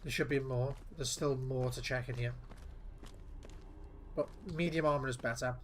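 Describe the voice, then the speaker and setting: A man talking casually over his gameplay, muttering and swearing in an offhand way. His voice sits at an ordinary middle pitch, with a faint hum of noise underneath. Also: fairly even intonation, normal speed. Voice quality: offhand, profane, muttering to himself. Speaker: gameplay streamer.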